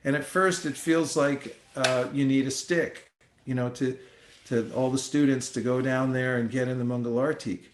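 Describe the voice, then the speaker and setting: A man giving an informal spiritual talk as a teacher, speaking haltingly with many fillers and restarts. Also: mid-range voice, steady tone, reverberant.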